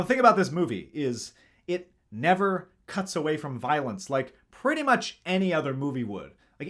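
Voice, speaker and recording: A male host recaps a film with dry, sarcastic jokes. His voice sits a little high and swings widely in pitch, and he keeps a steady, chatty flow. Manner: sarcastic, wry asides. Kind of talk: comedic movie review narration.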